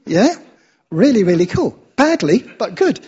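A man's voice: sits high, big pitch swings, measured pace, mellow, husky. An English man giving a chatty sermon, often asking his listeners "yeah?" as he tells stories. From England. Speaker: preacher. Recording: dull lo-fi sound.

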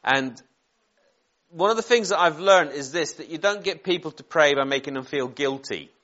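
A man's voice: a little high, lively intonation, normal speed, fairly bright tone. Man, Northern Irish accent, forties, informal rambling sermon, self-deprecating asides, slightly muffled recording. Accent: Northern Irish, softened by years in England. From Northern Ireland. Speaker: preacher.

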